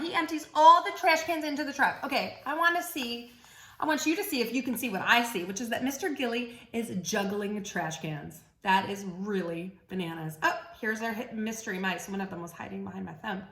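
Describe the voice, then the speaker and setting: A woman's voice: a little high, very animated, normal speed, a bit bright, reverberant. A woman reading a picture book aloud to young children in a playful, sing-song storytime voice, leading them in call-and-response chants. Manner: playful, encouraging teacher voice.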